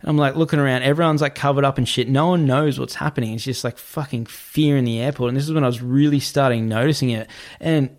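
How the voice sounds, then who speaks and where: A man telling a story in casual talk, animated and swearing, acting out what other people said. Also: medium pitch, fast talker, few pauses.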